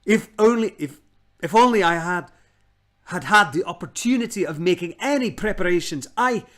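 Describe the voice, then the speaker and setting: A man voicing a nervous, fawning old gentleman magician who stammers, in a storybook read-aloud. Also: high-pitched, animated, normal speed, voice pushed up.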